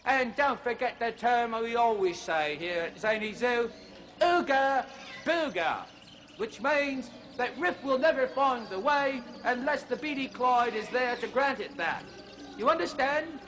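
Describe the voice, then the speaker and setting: Goofy high zoo guide, sing-song, music under. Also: male voice, lively intonation, a little slow, fairly bright tone, full character voice. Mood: chirpy lecture. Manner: folksy lecturing, "you see", "mate". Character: zany zoo-show host Bawana Clyde, male.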